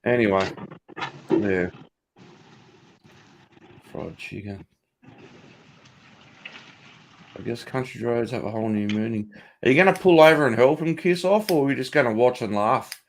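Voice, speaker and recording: A middle-aged man with an Australian accent rambles through a casual livestream from his home office. His voice is gravelly and rough at the edges, and his talk is loose, profane and quick to laughter as he riffs on the chat. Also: mid-range voice. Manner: profane, jokey, laughs often, reacts to chat. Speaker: livestream host.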